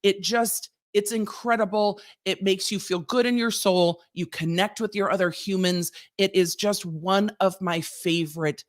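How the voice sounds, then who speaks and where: A woman's voice: mid-range voice, steady tone, unhurried, few pauses. A woman, a lawyer hosting her channel, ranting casually and animatedly with lots of rhetorical questions.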